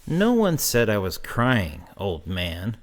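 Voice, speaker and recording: A man's voice: on the high side, big pitch swings, slow pace, pitched above the performer's own voice. A man voicing a worried, exasperated young grandson pleading with his grandfather in an audio story.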